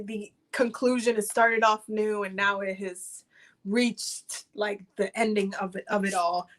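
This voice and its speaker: A woman's voice: medium pitch, fairly bright tone. A young woman giving a casual livestream oracle card reading. She rambles, fills her talk with "like," and calls her viewers pet names.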